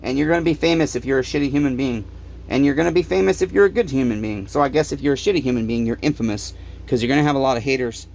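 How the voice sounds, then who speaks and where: A man's voice: mid-range voice, racing, vocal fry, darkish tone. A tired, fed-up man who runs a small repair shop, ranting to the camera in his workshop and swearing constantly. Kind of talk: angry workshop rant to camera.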